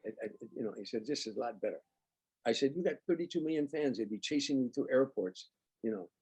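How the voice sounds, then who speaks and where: An older man, a comedian guest, telling lively anecdotes in an interview and acting out the dialogue. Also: mid-range voice, fast, husky. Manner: animated anecdotes, acts out quoted dialogue. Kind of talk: storytelling interview.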